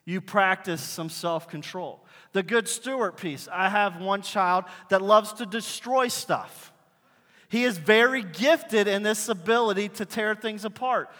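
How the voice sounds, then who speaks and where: Bright-voiced male pastor in a reverberant hall. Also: high voice, unhurried. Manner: animated storytelling, acting out dialogue. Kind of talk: conversational sermon. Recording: long reverb in a large hall.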